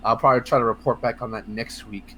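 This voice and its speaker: A man co-hosting a casual video game podcast, talking in a rambling, excitable way with lots of fillers, restarts and swearing. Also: medium pitch, fast, slight background noise. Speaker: podcast co-host. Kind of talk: casual podcast chat about video games.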